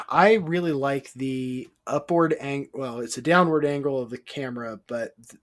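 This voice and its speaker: A man's voice: medium pitch, sharp tone. Man musing thoughtfully on film shots. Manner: thoughtful, halting, with restarts and "um"s. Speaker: podcast co-host. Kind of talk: casual roundtable film discussion.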